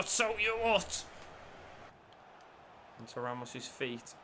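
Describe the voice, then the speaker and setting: A man commentating on his own football video game play, shifting between low muttering and shouted excitement. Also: slow pace, long pauses, background noise. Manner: lively, swings from low mutters to shouted celebrations. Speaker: gaming YouTuber.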